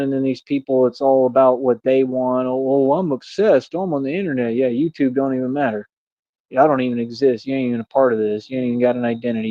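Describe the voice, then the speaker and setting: A young streamer with a higher, slightly mellow voice rambles through a casual livestream, preachy and repetitive, calling the listener "man" and "bro." The audio is dull, dry, lo-fi stream sound with no room tone.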